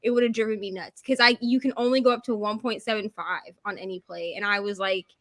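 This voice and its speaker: A woman's voice: mid-range voice, fairly even intonation, fast, a bit bright. A woman chatting casually with friends on a video call, telling stories and acting out her own reactions. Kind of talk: casual group video chat.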